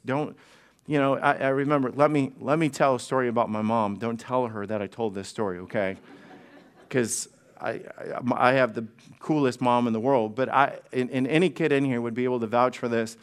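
A man's voice: mid-range voice, normal speed, clean tone. A male pastor preaching a sermon in a conversational, humorous way, often restarting and repeating words. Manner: conversational, frequent restarts and repetitions; humorous storytelling.

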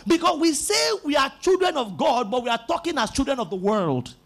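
A man's voice: very high voice, very animated, fairly quick, creaky, a bit bright. A male pastor preaching an emphatic sermon, calling on the congregation to repeat after him. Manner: emphatic, call-and-response preaching.

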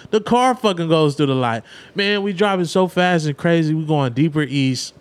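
A man telling a story in casual talk, animated and profane, jumping into high voices for his friends. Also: moderate pace, hardly any pauses, no room sound.

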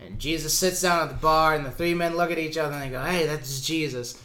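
Easygoing podcast dude, kinda high bright voice, telling a bar joke. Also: male voice, steady tone, fast. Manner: easygoing, laughs along, tells street jokes. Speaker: podcast co-host. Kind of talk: casual joke-telling chat.

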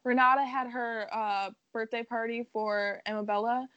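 A woman's voice: fairly high pitch, fairly even intonation, normal speed, fairly bright tone, smooth, no echo, muffled recording. A woman co-hosting a casual film chat. She laughs often and gives blunt opinions with casual swearing. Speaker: co-host, film site editor.

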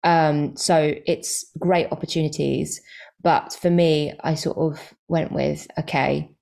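A woman stand-up comedian chatting as an interview guest, talkative and quick to correct herself, with lots of fillers. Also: low voice, steady tone, vocal fry, a little mellow. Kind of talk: casual interview chat.

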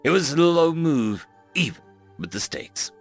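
A man narrating a first-person science-fiction story with dramatic, expressive delivery. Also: fairly high pitch, measured pace, faint music behind.

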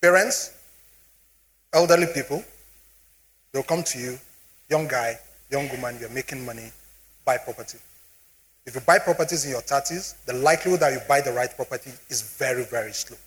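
A middle-aged Nigerian-accented man delivers an animated motivational talk on personal finance, frequently checking whether the audience follows him. His pitch is medium and his pace a little fast, with frequent pauses and slight background noise.

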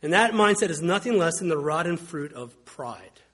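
Husky male pastor preaching conversationally. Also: on the high side, lively intonation, moderate pace, a bit bright. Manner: conversational, wry storytelling with mimicked quotes. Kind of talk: sermon.

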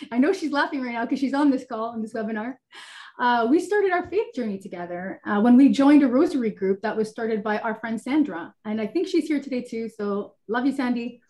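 A woman's voice: a little high, a little mellow. Earnest woman sharing her faith testimony. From Italian heritage. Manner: earnest, candid, with many fillers. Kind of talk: personal faith testimony on a webinar.

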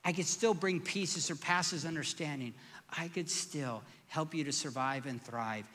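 Man preaching a sermon, squeaky bright tone, lively questions, in a reverberant hall. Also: moderate pace. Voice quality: self-described squeaky voice. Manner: conversational, emphatic preaching with rhetorical questions. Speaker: pastor.

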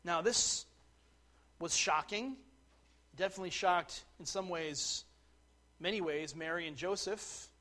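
A man preaching a sermon, dropping to quiet asides and rising to loud, slowed declarations. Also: high-pitched. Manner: slows right down to stress key words. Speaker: pastor.

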